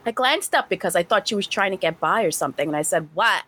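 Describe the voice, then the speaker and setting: A woman podcast host reading a story aloud and chatting, animated and swearing casually. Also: medium pitch, fast talker, noisy background.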